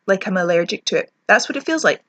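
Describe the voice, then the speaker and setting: A woman's voice: medium pitch, animated, fast talker, fairly bright tone, no echo. A young Scottish woman ranting chattily through a lip product review, self-mocking as her lips sting. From Scotland. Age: young adult. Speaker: beauty vlogger.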